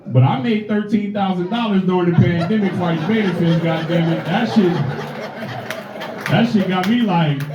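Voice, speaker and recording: A man's voice: high-pitched, normal speed, background noise. A man in his forties doing a stand-up comedy set on a club stage, telling stories in a loose, profane way. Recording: echoey club, dull sound, loud crowd. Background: audience laughter.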